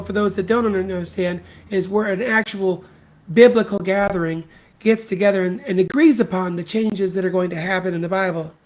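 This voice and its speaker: A solo podcast host delivering an opinion rant in a mid-range voice. The delivery is blunt and scornful, full of profanity, and leans on repetition to drive each point home. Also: mid-range voice. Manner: emphatic repetition.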